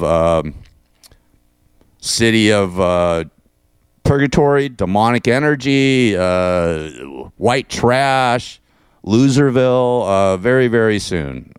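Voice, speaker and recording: A man's voice: on the low side, smooth, no room sound, studio quality. A man hosting a talk radio show, ranting in a mocking, profane way and laughing at his own jokes.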